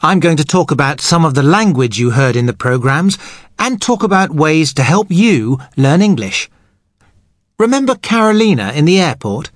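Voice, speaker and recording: Clear-spoken male English teacher. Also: on the high side, very animated, no room sound, studio quality. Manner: slow, clear teaching delivery. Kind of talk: scripted language lesson.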